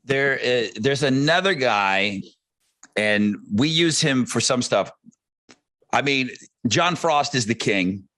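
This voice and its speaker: A radio host talks casually on a podcast. His pitch swings widely as he acts out the people in his stories, and his voice sits in an ordinary middle range. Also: animated, slow, sharp tone. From United States. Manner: storytelling, acts out quotes with big pitch swings.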